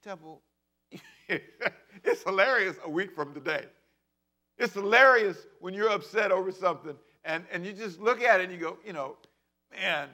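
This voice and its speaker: A pastor in his fifties delivering a sermon with a bright, forceful tone. His voice sits a little high for a man, and he swings from loud, driving bursts down to quiet, hushed asides. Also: expressive, moderate pace. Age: 50s.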